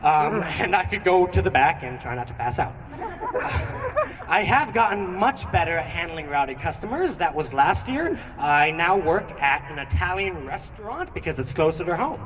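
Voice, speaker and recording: A young man performing a stand-up comedy routine with animated, theatrical storytelling on a theatre stage. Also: on the high side, moderate pace. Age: young adult. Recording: echoey hall, distant mic, noisy.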